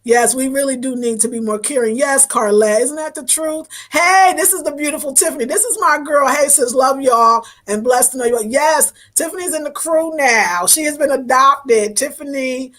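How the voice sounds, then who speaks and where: A woman's voice: high voice, moderate pace, hardly any pauses, a bit bright. A woman hosting a casual livestream, thanking viewers by name in an effusive, affectionate way, her voice wavering with emotion at times. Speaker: livestream host reading viewer comments.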